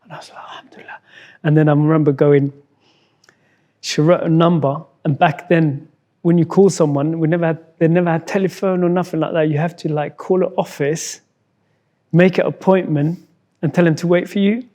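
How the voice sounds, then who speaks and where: A man from Somalia, a guest in an interview, telling a personal story in a halting way, repeating words and acting out what others said. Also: a little high, steady tone, warm tone. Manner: halting, repeats words, acts out quoted dialogue.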